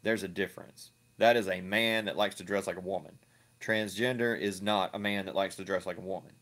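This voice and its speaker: A man's voice: deep voice, steady tone, a little fast, fairly bright tone. A man giving ranting reaction commentary, crude, profane and mocking, often repeating himself. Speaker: online video commentator.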